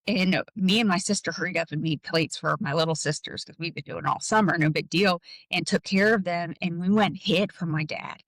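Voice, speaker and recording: A woman guest in an interview, telling a personal story in a halting way, full of "like" and "um". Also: on the low side, a bit bright, dry recording, rough recording.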